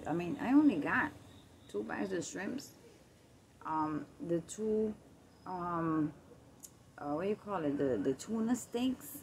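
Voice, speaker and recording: A woman's voice: fairly low pitch, animated, slow, creaky, a little hiss or hum. A woman vlogging on a night walk through her neighborhood, casually and animatedly retelling a story with lots of quoted back-and-forth. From Puerto Rico. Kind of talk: casual storytelling while walking. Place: outdoors in a quiet neighborhood at night.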